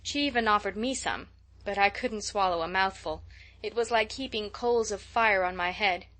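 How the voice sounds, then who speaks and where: A woman's voice: mid-range voice, normal speed, fairly bright tone, natural voice. A woman voicing an imaginative, chatty young girl who tells everything dramatically, in an audiobook reading. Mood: gushing. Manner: gushing, breathless storytelling.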